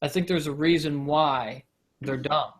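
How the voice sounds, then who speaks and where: A man co-hosting a casual talk show, rambling and joking, his voice often trailing off quietly. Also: fairly high pitch, fairly even intonation, measured pace. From United States. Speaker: podcast co-host. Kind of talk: casual chat.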